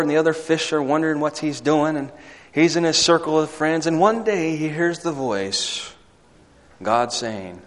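A man's voice: on the high side, expressive, normal speed, in a large hall. A male pastor preaching a sermon, mixing emphatic peaks with conversational asides and storytelling.

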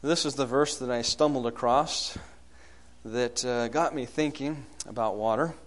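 A man preaching a sermon, asking the congregation questions and swinging between loud bursts and hushed lines. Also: mid-range voice, unhurried.

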